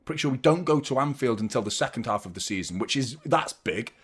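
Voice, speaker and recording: A young man hosting a football watchalong stream, chatting casually, rambling and joking while reading out viewer shout-outs. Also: medium pitch, expressive, fast talker, slightly rough. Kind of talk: casual live-stream chat.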